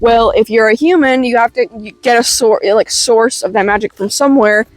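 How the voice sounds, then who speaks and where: Chatty, swearing young woman, slightly high. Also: fairly quick, dry recording. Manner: chatty, swearing, filler-heavy "like". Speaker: webcomic reviewer. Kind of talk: casual retrospective recap.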